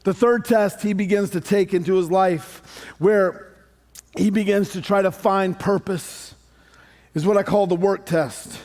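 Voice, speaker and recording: A man preaching a sermon as pastor, animated and conversational with touches of humor. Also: high-pitched, unhurried. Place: church sanctuary.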